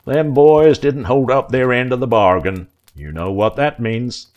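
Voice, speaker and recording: A man's voice: medium pitch, a little slow, darkish tone, pitched above the performer's own voice, close to an everyday voice. A man voicing a filthy old backwoods bait-shop man who hollers and drawls menacingly in a twang.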